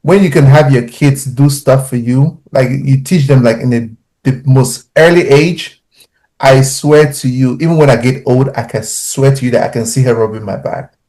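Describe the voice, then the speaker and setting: A man, a father on a podcast panel, telling personal stories in an animated, heartfelt way. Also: medium pitch, moderate pace, rough recording. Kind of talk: casual podcast discussion.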